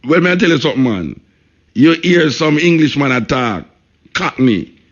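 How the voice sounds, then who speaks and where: A Jamaican man holds forth on a talk radio show, driving his points home by repeating them and tossing in "you know" between phrases. His voice sits at an ordinary pitch for a man. The broadcast sounds dull and lo-fi. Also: very animated, normal speed. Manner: emphatic, repeats himself, peppers speech with "you know".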